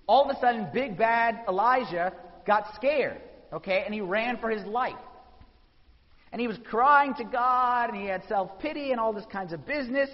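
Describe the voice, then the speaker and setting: A man preaching a sermon, telling the story with animated voices for the people in it. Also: high voice, normal speed. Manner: animated storytelling, acting out quotes. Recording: dull sound in a reverberant hall.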